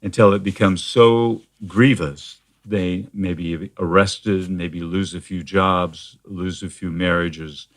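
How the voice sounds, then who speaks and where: Male therapist guest, very low voice, measured explainer, lots of "uh" and restarts. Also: steady tone. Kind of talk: conversational interview.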